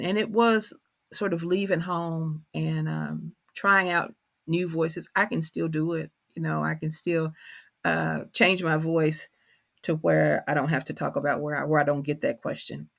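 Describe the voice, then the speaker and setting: A woman's voice: low voice, gravelly, fairly bright tone. A middle-aged woman from Kentucky with a country accent, speaking thoughtfully as an author guest in a reflective interview conversation. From Kentucky, USA. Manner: thoughtful, searching for words.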